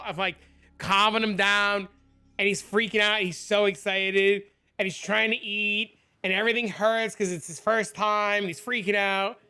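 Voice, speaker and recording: Male live streamer, slightly high and bright, chatty, answers chat and tells animated stories at his desk mic. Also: normal speed, clean tone. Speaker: game streamer.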